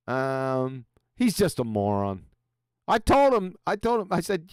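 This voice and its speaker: Blunt, lively-voiced male host. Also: on the high side, a little slow, smooth, no echo, studio quality. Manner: blunt, profane, mocking. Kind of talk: casual live-stream panel chat.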